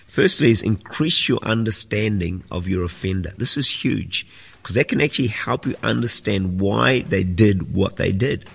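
A man's voice: lowish voice, normal speed, gravelly, a bit bright, slightly rough. A man preaching a sermon as senior pastor, earnest and teaching, repeating phrases for emphasis. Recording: echoey hall with long reverb.

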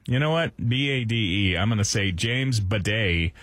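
A man's voice: on the low side, animated, unhurried, fairly bright tone, dry recording. Male radio host, playful banter, dry studio sound. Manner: playful, teasing, laughs often.

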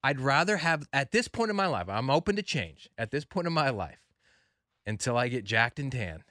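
A man's voice: medium pitch, very animated, moderate pace, pushed and bright, no room sound, studio quality. A man co-hosting a casual talk show, joking, laughing often and restarting his sentences. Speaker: co-host. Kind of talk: casual banter.

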